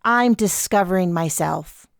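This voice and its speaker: A woman's voice: lowish voice, a little slow, creaky, no room sound, studio quality. A woman voicing a chatty, teasing young woman with a breezy, playful manner.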